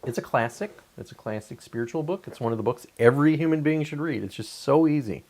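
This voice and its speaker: Speaking fast in an expressive, darkish voice, a forties-aged livestream host rambles loosely and swears freely. He wanders off topic and ridicules whiners, mimicking them in high, whiny tones.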